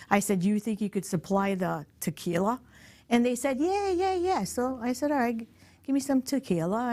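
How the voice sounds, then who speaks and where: On a podcast, a middle-aged guest recounts a story casually and with energy, laughing often and cursing without restraint. She speaks in a mid-range voice.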